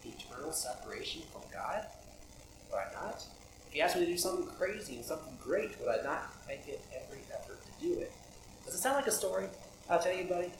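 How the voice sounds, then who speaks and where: A man's voice: on the high side, big pitch swings, quick pace. A man preaching a sermon in a conversational way, asking many rhetorical questions. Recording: echoey room with audible background noise.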